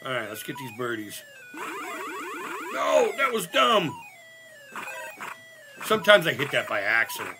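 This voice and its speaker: A man hosting a live gaming stream. He is sick, and his voice sounds higher than usual. He chats casually, cracks jokes, swears a lot, and shouts at the game. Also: wildly swooping pitch, measured pace, pauses often, noisy background. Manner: profane, joking, loud outbursts at the game. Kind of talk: casual live-stream chat while playing.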